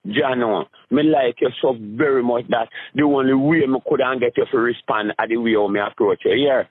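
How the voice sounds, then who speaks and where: A man with a Jamaican accent telling rambling comic stories, jumping into high voices when he acts out scenes. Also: a little fast, dry recording. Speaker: street comedian. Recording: tinny phone-like sound.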